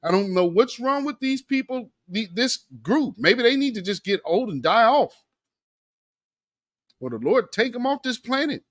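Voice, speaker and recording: A male host giving a slangy, sarcastic political commentary monologue, emphatic and animated. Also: extremely high pitch, moderate pace, no room sound, studio quality.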